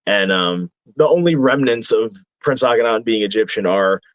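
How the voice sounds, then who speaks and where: A man's voice: on the low side, normal speed, dry recording. A man in his thirties, a wrestler from New Jersey, telling rambling anecdotes in a casual podcast chat and chuckling as he goes. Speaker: wrestler guest.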